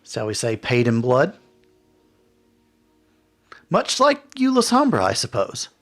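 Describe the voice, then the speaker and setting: A man's voice: medium pitch, huge pitch swings, slow pace, fairly bright tone, soft background music, voice pushed up, exaggerated voice. A man voicing a haughty, mocking female vampire prince in a tabletop game, with a sly, sarcastic manner. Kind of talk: tabletop role-play voice acting.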